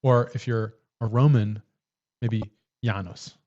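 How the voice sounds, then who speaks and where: A man hosting a casual livestream, answering viewer questions in a relaxed way with many fillers and restarts. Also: mid-range voice, a little fast, muffled recording. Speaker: livestream host.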